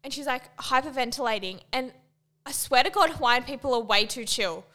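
A woman's voice: sits high, a little fast, sharp tone. A young woman, co-hosting a podcast and telling a travel story in a chatty way, full of "like" and acted-out quotes. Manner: chatty, says "like" constantly, acts out quoted people. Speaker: podcast co-host. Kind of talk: casual chat, storytelling.

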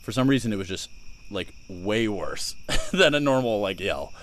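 Lively low-voiced man hosting a chat. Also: moderate pace, slight background noise. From Chicago area. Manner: animated, laughs often, rambling restarts. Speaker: podcast host. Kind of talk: casual chat.

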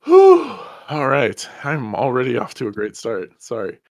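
Laid-back male co-host with a gravelly voice, jokey and foul-mouthed. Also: medium pitch, wildly swooping pitch, a little slow. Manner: laid-back, joking, swears freely. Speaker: podcast co-host. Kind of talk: casual podcast chat.

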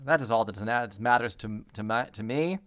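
A man's voice: medium pitch, a little fast, a bit bright, clean tone, dry recording, clean studio sound, natural voice. A man voicing a dim, lustful young prince who talks bluntly and obliviously.

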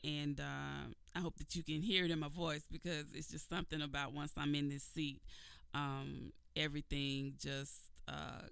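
Female radio host, lower pitch with some vocal fry, earnest devotional talk, dry studio sound. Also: sharp tone, no room sound. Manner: earnest and preacherly, with repetition and many fillers.

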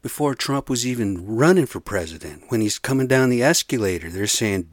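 A man's voice: medium pitch, animated, fairly quick, hardly any pauses, no room sound, clean studio sound. A man hosting a solo podcast, ranting in a profane, rambling, heated way from his bedroom. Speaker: podcast host.

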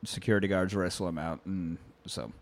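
A man hosting a casual podcast chat with friends, talking in an excitable, profane, ranting way. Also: low voice, a little fast, dry recording. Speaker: podcast host. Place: indoor room with friends, drinking beer.

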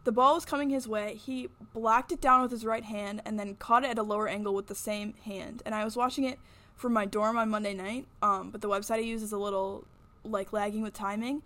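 A woman's voice: mid-range voice, a bit bright. A young woman hosting a sports podcast, reading a scripted weekly recap with chatty, candid asides. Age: young adult. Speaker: podcast host.

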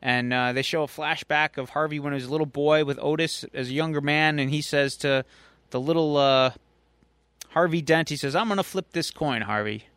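A man co-hosts a podcast, casually retelling a comic plot scene by scene. His voice sits fairly high and sounds smooth and clear on a dry close mic. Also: little pitch movement, normal speed, fairly bright tone, dry recording. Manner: chatty storyteller, acting out quotes. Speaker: podcast co-host. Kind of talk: casual recap of a comic story.

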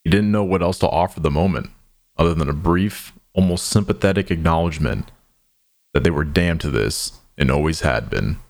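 Vocal fry and a darkish tone color this man's low, deep narration of an audio drama. He reads slowly and somberly, giving every line room.

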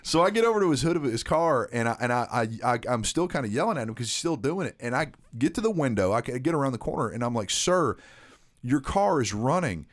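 Guy on a podcast telling a story, swears a lot, mid pitch, acts out the quotes. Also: sing-song, fast talker. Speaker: podcast co-host. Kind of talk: casual storytelling chat.

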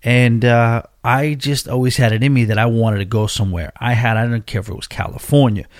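A podcast host in his forties from Long Island, New York, tells a long personal story in a casual, rambling way, full of asides and fillers. His medium-pitched voice is steady and fairly quick, captured with clean studio sound and no echo.

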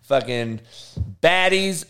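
A fairly high-voiced man hosts a loose online talk show. He rants in a heated, foul-mouthed way, firing insults straight at trolls in his chat. His tone is brash and confrontational throughout. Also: expressive, takes it slowly, pushed and bright, clear, resonant tone. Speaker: show host. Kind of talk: profane ranting talk show.

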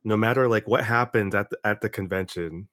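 Man, host, casual rambling interview talk, lowish voice, dry close sound. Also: a little fast, no room sound. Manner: relaxed, rambling, many restarts.

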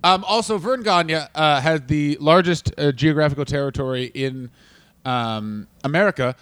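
A Canadian man, a stand-up comedian co-hosting a casual comedy podcast, talking fast and profanely. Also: on the high side, fairly bright tone, clean tone. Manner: fast, profane, riffing into silly voices.

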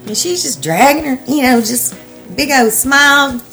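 A woman, telling her story as an interviewee in halting bursts full of restarts. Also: high-pitched, lively intonation, fairly bright tone, faint music behind. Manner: halting, breathless retelling with restarts and laughter. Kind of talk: personal storytelling.

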